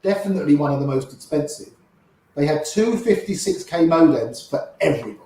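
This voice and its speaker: An older man, a poker player, telling old stories in an animated way and quoting people in quick little voices. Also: fairly high pitch. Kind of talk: anecdotal storytelling. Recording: very echoey room.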